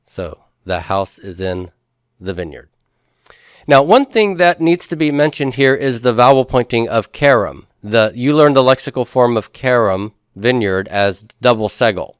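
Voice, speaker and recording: A man's voice: medium pitch, lively intonation, a little slow, clear, resonant tone, no room sound, studio quality. A man teaching a Hebrew grammar class who explains each step patiently and puts questions to his students. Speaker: Hebrew instructor.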